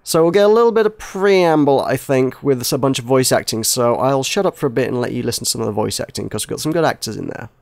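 English male game reviewer, mid-pitched, loose hesitant chat, a little self-mocking. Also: expressive, fast, creaky, few pauses, a little mellow, dry recording. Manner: rambling, hesitant, self-deprecating. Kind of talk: casual gameplay commentary.

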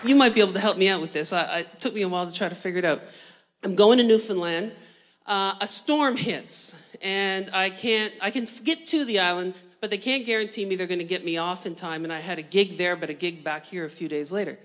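A middle-aged woman from New Brunswick, Canada, hosting a talk show and doing a stand-up comedy monologue, animated with playful asides. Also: mid-range voice, a little fast. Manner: animated storyteller, playful asides, mock-exasperated.

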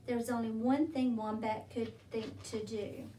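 A woman reading a picture book aloud in a gentle, unhurried storytelling manner. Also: fairly high pitch, level tone, slight background noise. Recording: roomy, from a distance.

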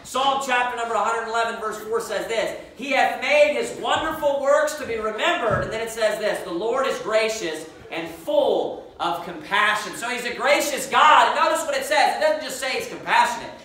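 A man preaches in a sharp, bright voice, hammering home each point and slowing for scripture. His voice carries through a big reverberant church from some distance away, with a faint background hum. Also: extremely high pitch, lively intonation. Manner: emphatic, repeats points and verse references; reads scripture aloud slowly. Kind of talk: sermon. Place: church sanctuary. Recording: echoey church room, mic at a distance.

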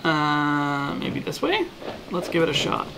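A man playing a game on stream, joking and reacting excitably in casual commentary. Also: fairly high pitch, slow, vocal fry, background noise. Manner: jokey, excitable, goofy asides.

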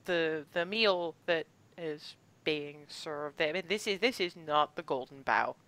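A woman narrating a tabletop game as game master, unhurried and searching for words as she describes the scene. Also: low voice, fairly bright tone.

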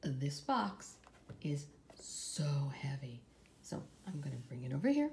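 A woman from California chatting through a casual unboxing at home, gushing over each item and often dropping into a soft whisper. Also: sits low, sing-song, unhurried, slight background noise. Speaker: vlogger.

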